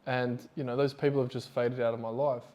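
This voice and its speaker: A man co-hosting a casual podcast chat, speaking in a relaxed, thoughtful way. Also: mid-range voice, brisk, dull audio. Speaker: podcast co-host.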